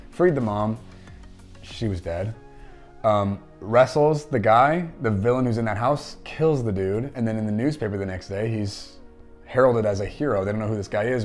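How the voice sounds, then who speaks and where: A man's voice: on the low side, a little mellow. A man hosting a casual movie commentary, chatting enthusiastically and retelling scenes in his own words. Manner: enthusiastic, conversational, retells scenes with quoted dialogue.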